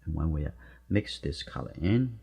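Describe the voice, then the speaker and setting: Low gravelly man teaching watercolor. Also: animated, normal speed. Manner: soft-spoken, encouraging, talks while painting in short phrases. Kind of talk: live painting demonstration. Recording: dull, muffled recording.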